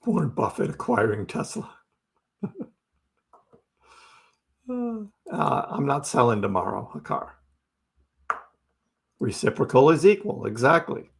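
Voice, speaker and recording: A man's voice: mid-range voice, very animated, slow pace, gravelly, long pauses. A middle-aged man hosting a crypto livestream, casually answering viewer chat with wry jokes and frequent laughs. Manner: chatty and wry, laughs often.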